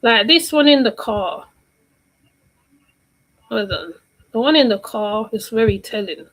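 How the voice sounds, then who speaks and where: A woman with a slightly high voice talks through a casual livestream commentary. She rambles, circles back and repeats phrases while she hunts for the right word. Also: lively intonation, measured pace, fairly bright tone, rough recording. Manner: rambling, repeats herself, searches for words.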